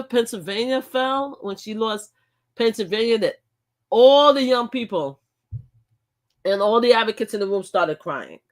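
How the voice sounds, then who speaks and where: A woman's voice: mid-range voice, fairly bright tone. An older woman hosting her own live stream, talking bluntly and animatedly, repeating words and laughing often as she chats. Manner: blunt and outspoken. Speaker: livestream host. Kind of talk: casual live-stream chat.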